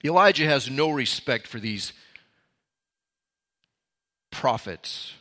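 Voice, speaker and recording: A man's voice: medium pitch, expressive, slow pace, bright, forceful tone. A man preaching a sermon, reading verses aloud and explaining them with casual asides. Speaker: pastor.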